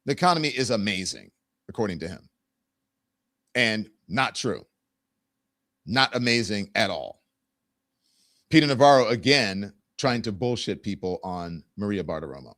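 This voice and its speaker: A man's voice: lowish voice, expressive, a little slow, long pauses, a bit bright, no room sound, studio quality. A man hosting a political talk show, commenting sarcastically and with emphasis.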